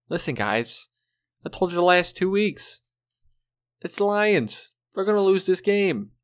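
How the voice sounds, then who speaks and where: A man's voice: medium pitch, a bit bright. A man hosting his own video of football game predictions, talking casually and bluntly, swearing and sounding fed up. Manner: blunt, profane, exasperated. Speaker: sports video host.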